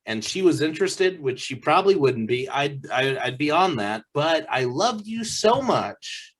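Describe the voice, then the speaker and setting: A podcast co-host man arguing his opinion with plenty of emphasis. His voice sits slightly high and swings widely in pitch as he presses each point. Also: very animated, unhurried. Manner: emphatic, argumentative. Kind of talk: opinionated casual chat.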